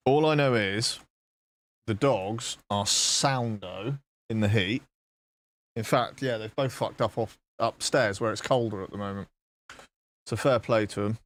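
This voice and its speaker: A man's voice: lowish voice, a little slow, long pauses. A man from southwest England, chatting casually and joking with his live-stream chat while coding, swearing freely.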